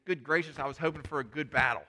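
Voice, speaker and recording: A man's voice: a little high, fast talker, sharp tone. A man voicing a boastful, taunting giant warrior as he retells a story in a sermon. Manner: mocking, scornful.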